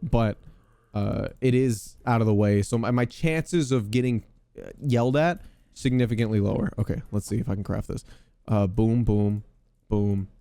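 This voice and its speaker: A young man hosting a podcast, giving loud, excitable gaming commentary with casual swearing. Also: fairly low pitch, normal speed, smooth, no echo. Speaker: podcast host.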